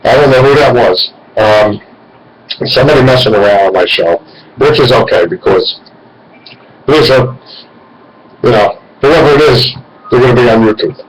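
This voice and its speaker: A man's voice: medium pitch, normal speed, long pauses, a little hiss or hum, poor audio. A man in his forties hosting a radio call-in show, talking in a rambling, meandering way. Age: 40s. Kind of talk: casual call-in talk.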